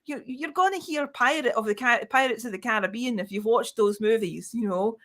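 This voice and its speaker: A woman's voice: a little high, fairly quick, fairly bright tone. Scottish woman, casual stream co-host, chatty storyteller. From Scotland. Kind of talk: casual live-stream chat.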